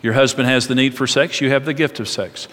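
A man's voice: medium pitch, a little fast. Joking preacher man in a big hall. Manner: animated, joking storyteller. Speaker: pastor. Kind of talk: conversational sermon. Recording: long reverb of a large hall.

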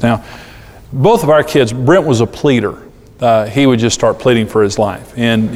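A middle-aged man preaching a sermon on parenting, animated and acting out the voices he quotes. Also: medium pitch, normal speed. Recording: long hall reverb.

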